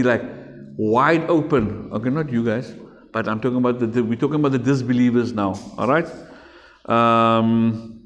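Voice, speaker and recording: The sound suggests a large hall, and the man's voice is on the high side. Speaking with a South African accent, he teaches a religion class to children in a school classroom, talking straight to his pupils in an emphatic, repetitive way.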